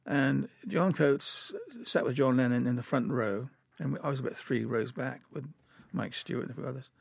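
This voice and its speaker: Older English man, gravelly chuckling storyteller. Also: medium pitch, steady tone, normal speed, no echo. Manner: chuckling, rambling anecdotes with many fillers. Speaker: animator. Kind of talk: anecdotal interview storytelling.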